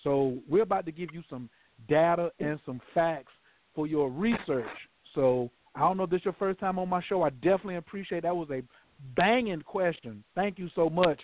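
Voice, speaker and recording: A man hosts a call-in show in a loose, slangy voice that sits a bit high. It comes through a tinny phone line with a faint hiss behind it. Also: fairly quick. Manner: loose, slangy, playful banter. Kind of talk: casual call-in show hosting.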